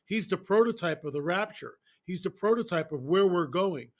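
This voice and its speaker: A man speaking as an interview guest, telling stories in an animated, emphatic way and repeating phrases for effect. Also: high-pitched, moderate pace. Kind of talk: casual interview storytelling.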